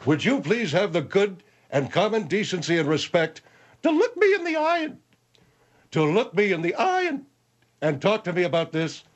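A man voicing a pompous, indignant general with a squeaky, lisping voice that keeps cracking. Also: sing-song, moderate pace. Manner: indignant, blustering. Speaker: comic radio character.

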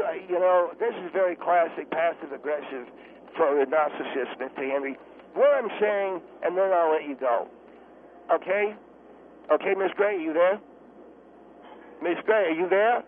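A man voicing an indignant, defensive male psychologist caller who flares up quickly, heard over a phone line. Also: fairly high pitch, close to an everyday voice. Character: touchy middle-aged male psychologist. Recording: tinny phone line with faint hiss.

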